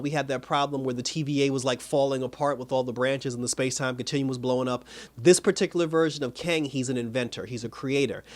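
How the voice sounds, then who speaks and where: A man reviewing a TV episode in a casual video, animated and laughing often as he recaps. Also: medium pitch. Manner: animated, laughs often, quotes characters in put-on voices. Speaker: TV show reviewer.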